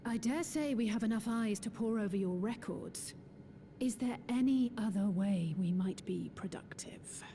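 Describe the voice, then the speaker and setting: A formal, measured woman, voiced by an actress in a game, with a fairly high voice. Clear ambience hums behind her. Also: dark tone, a little hiss or hum, close to an everyday voice.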